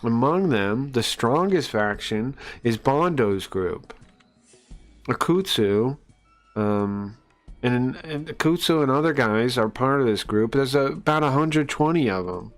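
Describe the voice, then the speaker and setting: A male streamer talks through a comic in a loose, rambling way, pausing on fillers as he explains. His voice is mid-pitched and often drops low and quiet. Faint music runs in the background. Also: expressive. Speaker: streamer reading a comic aloud. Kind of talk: casual live-stream commentary.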